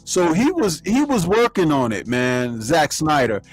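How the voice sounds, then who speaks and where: Male co-host, high voice, slow delivery, animated scene retellings, light music bed. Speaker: podcast co-host. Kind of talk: casual film chat.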